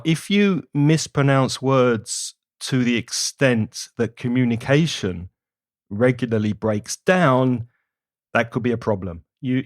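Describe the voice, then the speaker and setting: A British man who teaches English speaks in an encouraging, emphatic way. His voice is mid-pitched, and the sound is dry and close to the mic. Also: no room sound. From Britain. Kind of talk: recorded podcast contribution.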